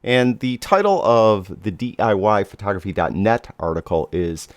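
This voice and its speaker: A man hosting his own podcast, talking in a relaxed, conversational way with fillers and self-corrections. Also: on the low side, moderate pace, no echo. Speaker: podcast host. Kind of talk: casual solo podcast talk.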